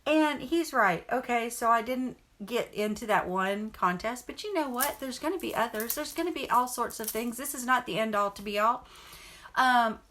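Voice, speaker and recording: Middle-aged woman vlogger, bright and clear tone, rambling earnest chat to camera. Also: fairly high pitch, moderate pace. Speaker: vlogger and mother. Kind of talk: casual storytelling to camera.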